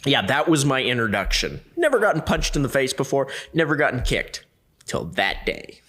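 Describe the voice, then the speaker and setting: A man telling a story as a podcast guest, lively and acting out the other people in it. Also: medium pitch, normal speed. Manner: lively, acts out the other people in his stories. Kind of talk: casual storytelling.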